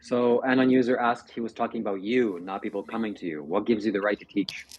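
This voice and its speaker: A man's voice: on the low side, fairly even intonation, quick pace, a little mellow, slightly rough, lo-fi sound. A man reading out viewer questions and pressing the host with challenges.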